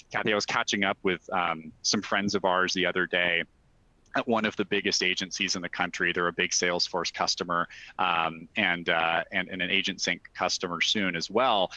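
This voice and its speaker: Male webinar presenter, lowish bright voice, dry sound, brisk sales walkthrough. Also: dry recording, low-quality recording. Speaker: software company presenter. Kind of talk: webinar product demo.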